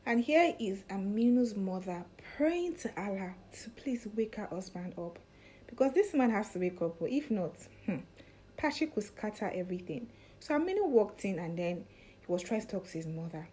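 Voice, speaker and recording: A woman's voice: mid-range voice, very animated, moderate pace, mellow, husky. A woman casually recapping a drama episode, chatty and opinionated, often saying "you know". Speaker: series recap vlogger.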